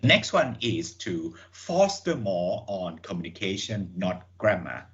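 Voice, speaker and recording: A man giving a webinar lecture to teachers, reading from slides in a measured way with many fillers and repeated words. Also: sits low, expressive, a bit bright, lo-fi sound. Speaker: webinar speaker on English teaching. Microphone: computer mic on a video call.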